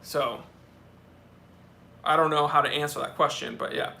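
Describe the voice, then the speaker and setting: A young man with a bright, forceful voice, pitched a little high, hosting a live Q&A stream. He reads viewer comments and answers them in a chatty, off-the-cuff way. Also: little pitch movement, moderate pace, gravelly. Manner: chatty, answers questions off the cuff, talks to his cats. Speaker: watch channel host.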